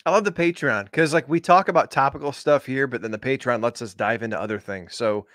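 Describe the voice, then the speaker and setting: Male co-host, rapid laid-back chatter, dry close sound. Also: medium pitch, fairly bright tone, no room sound. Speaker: podcast co-host. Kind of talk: casual podcast chat.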